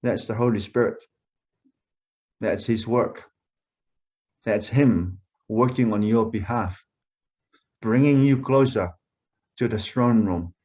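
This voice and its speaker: A man preaching a sermon as pastor of a church, deliberate and emphatic, repeating key phrases to drive them home. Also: lowish voice, a little mellow.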